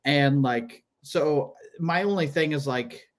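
A man's voice: on the high side, takes it slowly. Rambling man telling a story. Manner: rambling, laughing, restarts and acts out quoted people. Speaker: comedian podcast host. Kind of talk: casual storytelling chat.

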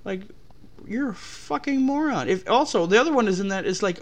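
A man's voice: high-pitched, lively intonation, a little fast. A young man hosting a podcast, ranting in a profane, exasperated way. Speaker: podcast host. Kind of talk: ranting about customers.

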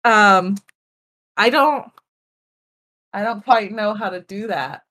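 A woman's voice: mid-range voice, slow pace, sharp tone, dry recording, clean studio sound. A woman co-hosting a podcast in casual chat, rambling and self-deprecating. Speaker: podcast co-host.

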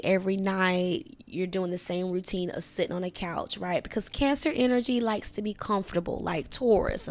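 A woman with a gravelly, fry-edged voice at a middle pitch, hosting a relaxed astrology and wellness podcast. She talks in a chatty, coaching way, peppering her advice with check-ins to her listeners. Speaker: podcast host. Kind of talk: casual astrology and wellness talk.

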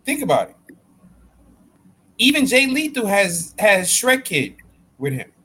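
A man's voice: high voice, big pitch swings, a little slow, sharp tone, slightly rough. A man co-hosting a podcast in casual chat, blunt, profane and emphatic. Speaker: podcast co-host.

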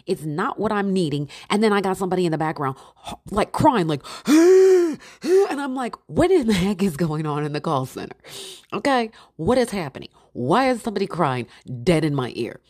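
A woman's voice: lowish voice, no room sound, studio quality. A woman telling a story in a casual, exasperated rant, acting out what she and others said. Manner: exasperated, animated, acts out her own quotes.

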